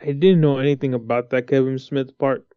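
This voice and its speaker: A man's voice: mid-range voice, fairly even intonation, brisk, clean tone, no room sound, muffled recording. A man chatting casually about movies, bluntly complaining and swearing.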